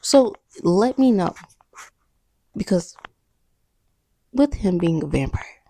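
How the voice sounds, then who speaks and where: Young woman host, chatty and rambling; lively pitch, dry close sound. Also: slow pace, pauses often, no echo, poor audio. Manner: chatty, rambling, playful, laughs at herself. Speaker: podcast host recapping a film. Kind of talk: casual chat.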